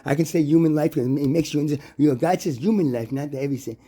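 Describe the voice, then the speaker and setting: Gravelly, husky male voice with a dark tone, rambling and preachy, full of restarts and rhetorical questions. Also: on the high side. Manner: halting, restarts and stammers.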